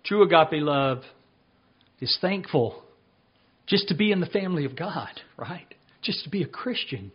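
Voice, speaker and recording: A man preaching a sermon as pastor, reading passages and slowing down to stress his points. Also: a little high, lively intonation, slightly rough, lo-fi sound.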